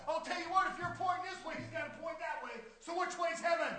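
A man preaching an impassioned sermon, shouting loudly and then dropping to quiet asides. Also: very high voice, quick pace, crowd noise. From United States.

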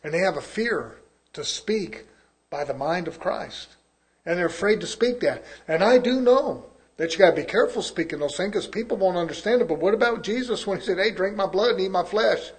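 A man preaching a sermon, reading scripture slowly and loudly, then dropping to quiet asides with chuckles. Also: sits high, lively intonation. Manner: reads scripture in slow, drawn-out emphasis.

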